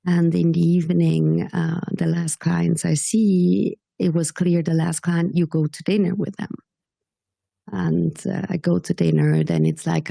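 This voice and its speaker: Low gravelly woman, slow and hushed. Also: level tone, no echo. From Switzerland. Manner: slow, measured, sometimes dropping to a whisper. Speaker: guest. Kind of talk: podcast interview storytelling.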